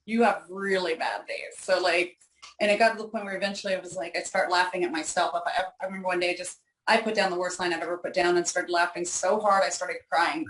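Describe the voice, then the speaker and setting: A woman's voice: lowish voice, fairly even intonation, fast, a bit bright, echoey room, slight background noise, low-quality recording. A woman, an inker guest in an interview, chatting casually and poking fun at herself. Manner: chatty, self-deprecating, laughs often.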